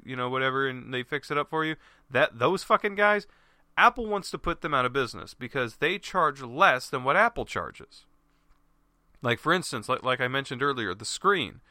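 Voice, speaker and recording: A man's voice: mid-range voice, bright, forceful tone, no room sound, clean studio sound. A man ranting angrily in a rambling, profane monologue, full of restarts and curses, as host of his own show.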